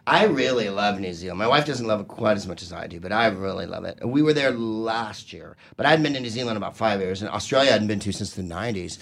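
A man's voice: fairly low pitch, expressive, fast talker, creaky, hardly any pauses, a bit bright. A man from California telling loose stories in casual podcast chat, laughing often.

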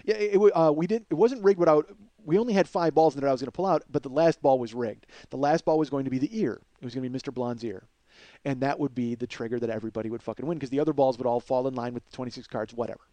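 A man telling a story as podcast host in an animated, profane, energetic way. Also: mid-range voice, very fast, no room sound.

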